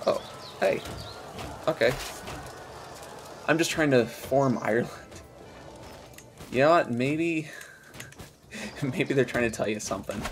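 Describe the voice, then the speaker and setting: A man streaming a strategy game, talking excitedly to himself and his chat, urging his troops on in frantic bursts. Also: mid-range voice, takes it slowly, pauses often, noisy background. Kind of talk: live strategy game commentary.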